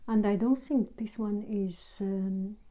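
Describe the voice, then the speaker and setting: Lady teaching characters, super slow, dark mellow voice, drops to a half-whisper a lot. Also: mid-range voice, fairly even intonation, rough recording. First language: Chinese. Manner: soft, often half-whispered while writing. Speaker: calligraphy teacher. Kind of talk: slow explanatory tutorial. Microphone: camera on tripod.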